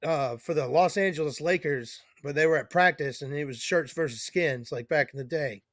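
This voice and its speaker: A man's voice: on the high side, normal speed, fairly bright tone, no room sound, studio quality. A man hosting a casual chat, joking around and swearing freely. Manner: profane, joking.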